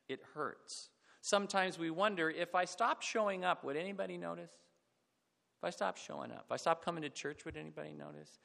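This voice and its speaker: A middle-aged man preaching a reflective sermon, falling to a hush on sad points. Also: fairly high pitch, creaky. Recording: long hall reverb.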